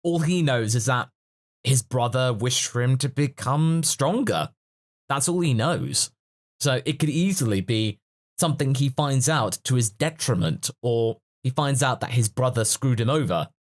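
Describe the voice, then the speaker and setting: A man's voice: medium pitch, expressive, unhurried. A man hosting a casual podcast discussion, musing and analytical in a chatty way. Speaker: podcast host.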